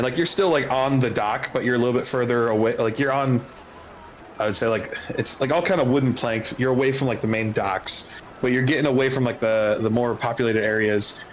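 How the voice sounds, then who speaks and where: A man's voice: mid-range voice, normal speed, slight background noise, poor audio. A man narrating as game master of a tabletop game, rambling with many fillers and laughs.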